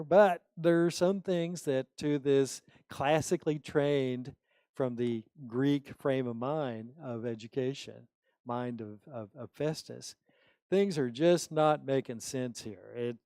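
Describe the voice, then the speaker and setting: A man's voice: mid-range voice, unhurried, warm tone, dry recording. A middle-aged man preaching a sermon, reading scripture aloud and explaining it in conversational asides.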